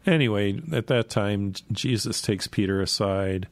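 A man with a gravelly voice casually retelling a Bible story, rambling and chuckling as he goes. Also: lowish voice, moderate pace, no room sound.

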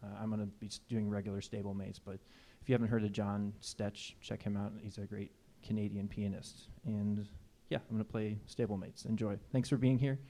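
A man, a jazz musician, chatting casually from the stage between tunes, relaxed and rambling with fillers, a little out of breath. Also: lowish voice, brisk, hardly any pauses. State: slightly out of breath.

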